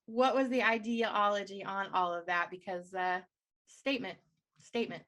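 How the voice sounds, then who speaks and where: A woman's voice: medium pitch, fairly even intonation, moderate pace, fairly bright tone. A woman hosting a casual radio interview, gushing and enthusiastic, often restarting her sentences. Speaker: radio show host.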